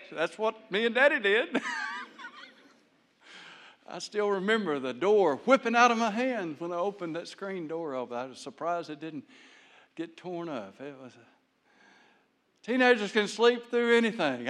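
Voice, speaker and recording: Male pastor, folksy sermon, high voice, swings loud to hushed, long hall reverb.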